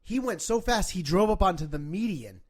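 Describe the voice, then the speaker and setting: A podcast guest with a somewhat high voice who rambles through stories with a lot of fillers and swearing. He often pokes fun at himself. He talks in a loose, conversational way. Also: expressive, moderate pace. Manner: rambling, profane, self-deprecating storytelling. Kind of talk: casual podcast chat.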